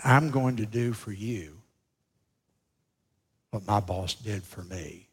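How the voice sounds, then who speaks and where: A man preaching a sermon, telling stories slowly and with emphasis. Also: fairly low pitch, slightly rough. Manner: slow, emphatic storytelling preacher. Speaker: pastor.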